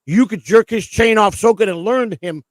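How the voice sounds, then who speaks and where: A man hosting a casual livestream chat, rambling and swearing excitedly as he talks. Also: high-pitched, moderate pace, no echo. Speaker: host.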